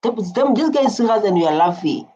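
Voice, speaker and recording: A man's voice: sits high, big pitch swings, fast talker, warm tone. A man hosting a reaction video, chatting casually in loose informal English and laughing often. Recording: dull lo-fi recording.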